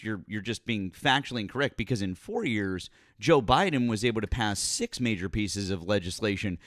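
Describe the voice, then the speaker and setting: A man's voice: mid-range voice, a bit bright, dry recording, clean studio sound. A man hosting a live political call-in show, mocking and needling a caller and repeating himself. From Massachusetts. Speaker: political talk show host. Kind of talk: heated live call-in debate.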